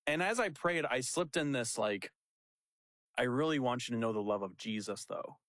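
A man's voice: medium pitch, moderate pace, no echo. A young man, a pastor, telling a story in casual chat and acting out the quotes with laughs. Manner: animated, laughing storyteller who acts out quotes.

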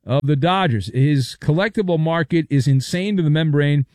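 A male talk-radio host with a slightly high voice, bantering with callers in a wry, mock-dramatic way. He sits close to a studio microphone in a dry, dead room. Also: animated, normal speed, few pauses, a little mellow, no echo.

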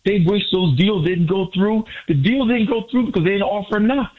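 A man calling in from Miami to a sports radio show, boasting with excitement and repeating his points. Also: high-pitched, brisk. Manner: exuberant, repetitive, boastful. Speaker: caller. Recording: muffled phone line.

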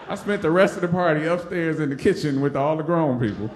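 An animated man from Detroit tells a personal story onstage, playing out the other voices as he goes. His voice sits high and swings widely in pitch. The sound carries an echoey room around it. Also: fast, few pauses, noisy background. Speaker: storyteller, stand-up comic. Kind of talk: live personal story on stage.

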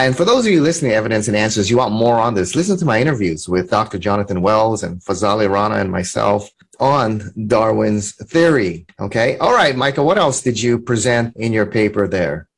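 A man hosting an apologetics interview show, asking earnest, probing questions of a young guest. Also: fairly low pitch. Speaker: podcast host.

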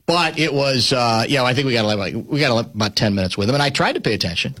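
A man's voice: medium pitch, expressive, fast talker, a bit bright. A man hosting a sports radio show, chatting with a guest and telling anecdotes. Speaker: radio host. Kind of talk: casual radio sports talk.

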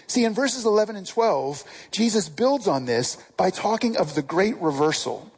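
Preacher for a casual, conversational sermon; husky tone, pitch rises and falls a lot. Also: animated, moderate pace, a little mellow, poor audio. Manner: casual, asks the listeners direct questions.

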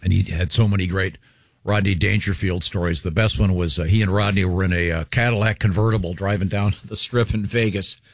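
A man's voice: low voice, steady tone, a little fast, no room sound. A man hosting a casual studio chat, folksy and rambling with plenty of fillers. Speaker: radio host.

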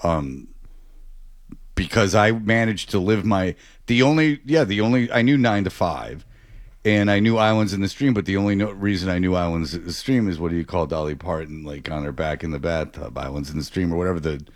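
Man, low voice, rambling casual chat, dry close sound. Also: brisk, no room sound. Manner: rambling, self-interrupting.

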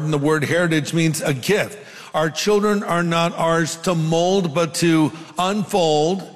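Older male pastor, fairly high voice, earnest conversational sermon, long hall reverb. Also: fairly even intonation, unhurried. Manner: earnest, conversational preaching with asides.

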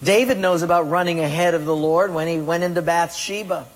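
Husky high-voiced pastor preaching, asks the crowd questions, big echoey hall. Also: male voice, a little fast. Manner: asks the congregation direct questions. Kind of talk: sermon. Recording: long hall reverb.

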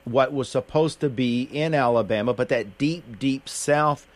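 Radio host, man, unhurried folksy delivery, mid pitch, radio broadcast sound. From Appalachian Kentucky. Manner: unhurried, folksy, many fillers and restarts. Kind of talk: casual radio chat.

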